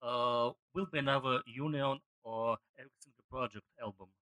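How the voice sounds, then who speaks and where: A man in the audience at a live event asking a question hesitantly, with halting pauses. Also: medium pitch, steady tone, sharp tone, dry recording, low-quality recording.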